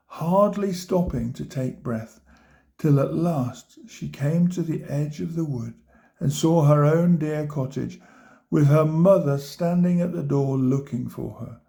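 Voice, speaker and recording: Older-sounding guy reading a kids' book real slow, gravelly mellow voice. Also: fairly high pitch. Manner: gentle, pointing out pictures to listeners. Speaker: storybook reader. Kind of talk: reading a children's book aloud.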